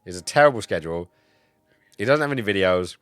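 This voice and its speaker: A man streaming live in casual chat, a bit tipsy, excitable and swearing, swinging between loud outbursts and low mumbles. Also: fast talker, clear, resonant tone, no room sound, faint music behind. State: tipsy from cider.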